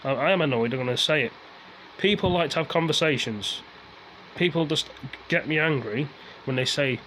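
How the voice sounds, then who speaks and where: A man's voice: medium pitch, moderate pace, fairly bright tone, a little hiss or hum, low-quality recording. A man ranting casually to his viewers, rambling and repeating himself as he airs his frustration. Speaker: vlogger.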